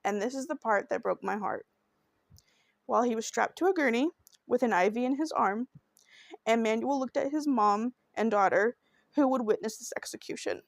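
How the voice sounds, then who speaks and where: A woman's voice: a little high, normal speed, creaky, no echo, clean studio sound. Earnest woman hosting a true crime podcast. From Oklahoma. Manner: earnest, emotional, heartfelt. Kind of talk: podcast narration.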